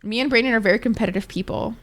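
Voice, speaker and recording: Talking rapid-fire in a fairly high voice, this woman streams live on Twitch. She's relaxed and rambling, cursing openly as she responds to her viewers' chat messages.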